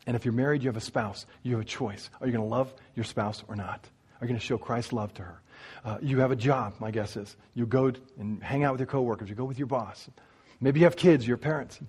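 A man preaching, telling a story and speaking straight to the congregation in an animated way. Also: medium pitch, fairly quick, husky. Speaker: pastor. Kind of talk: sermon storytelling.

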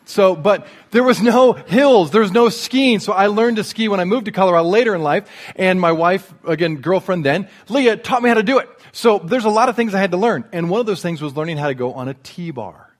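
High-pitched male preacher, self-deprecating humor, church sermon. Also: animated, fairly quick. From Indiana. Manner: joking, self-deprecating storyteller. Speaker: guest preacher. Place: church sanctuary.

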